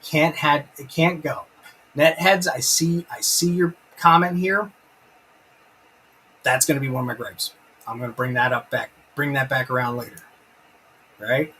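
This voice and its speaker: Male stream host at a home mic, mid-pitched, rambling with eager enthusiasm, faint background noise. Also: fairly even intonation, unhurried, long pauses, sharp tone, low-quality recording. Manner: enthusiastic, rambling, reads out chat comments. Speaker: live-stream host reviewing a TV episode. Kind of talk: casual live-stream chat.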